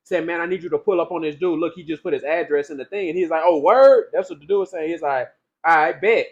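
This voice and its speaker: Man, fairly high voice, quick animated slang storyteller, dull lo-fi mic. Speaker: podcast co-host. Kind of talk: casual podcast chat.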